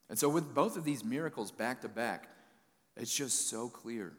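A man's voice: on the low side, big-room sound. A man preaching a sermon in a conversational, folksy way, retelling scripture in everyday words.

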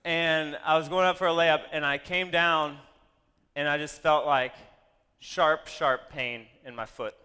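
A man with a slightly high, bright and crisply resonant voice tells a story to an audience. He keeps it animated and drops wry, self-deprecating asides. His words ring out with a long hall reverb. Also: unhurried.

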